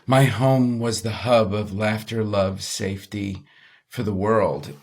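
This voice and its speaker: A middle-aged man, a guest on an interview show, telling a personal story in an animated way. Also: on the low side, slow pace. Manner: animated storyteller, acts out quoted voices.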